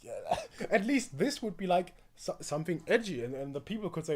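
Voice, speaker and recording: A man's voice: high-pitched, expressive, brisk, a little mellow. A man streaming live, reacting to a video with rambling, mocking commentary, full of fillers and laughs.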